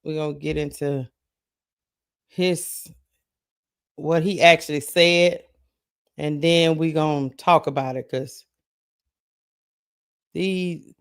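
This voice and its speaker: A man's voice: a little high, fairly even intonation, takes it slowly, pauses often, fairly bright tone, clean tone. A man hosting a live sports talk stream, chatting casually, greeting viewers by name and thinking aloud.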